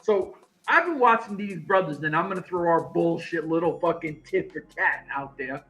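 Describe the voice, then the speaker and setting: Animated, high-voiced, swearing man. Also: normal speed, soft background music. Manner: animated storyteller, swears freely, acts out quoted friends. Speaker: podcast co-host. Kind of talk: casual profane wrestling chat.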